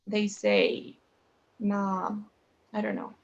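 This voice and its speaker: A woman's voice: mid-range voice, big pitch swings, extremely slow, gravelly, lo-fi sound. A woman teaching a one-on-one English lesson, explaining in a chatty way and often checking with "right?" and "you know?".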